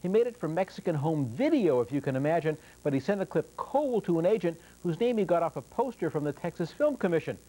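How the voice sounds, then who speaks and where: A man's voice: fairly high pitch, lively intonation, fast, few pauses, warm tone, faint music behind, poor audio. A man giving an upbeat, chatty film review on the evening news. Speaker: film critic.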